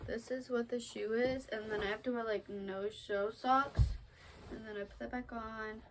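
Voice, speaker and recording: A woman with a fairly high, steady voice chats casually in a home vlog at a moderate pace, standing near a Christmas tree. She rambles with lots of filler words, moving around and sometimes stepping away from the camera. The recording is rough, with a little hiss or hum.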